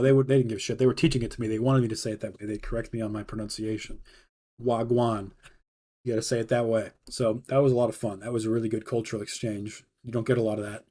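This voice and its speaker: A man's voice: mid-range voice, darkish tone. A young man hosting a livestream, telling a rambling, laid-back story with a lot of fillers. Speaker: livestream host. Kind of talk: casual storytelling.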